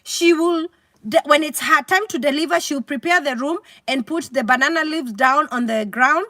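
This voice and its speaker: A woman with a Kenyan accent hosting a casual livestream, chatty and animated, reading out comments and mixing in Swahili. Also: sits high, normal speed, no room sound, clean studio sound. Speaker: livestream host.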